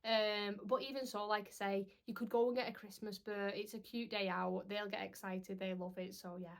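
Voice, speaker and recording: A woman's voice: medium pitch, level tone, moderate pace, creaky. A young woman, chatting casually to camera as a parenting vlogger, rambling with lots of "um"s.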